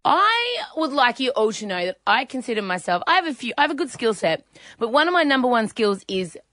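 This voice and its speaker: Woman, radio co-host, lively high voice, dry studio sound, playful banter. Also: brisk, no room sound. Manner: animated, laughing, playful. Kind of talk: casual banter.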